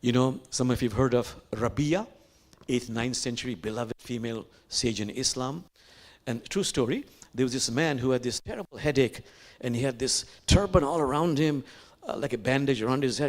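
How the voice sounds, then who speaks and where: A man, an imam, giving a reflective sermon, slow and unhurried with pauses and soft, whispered asides. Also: mid-range voice.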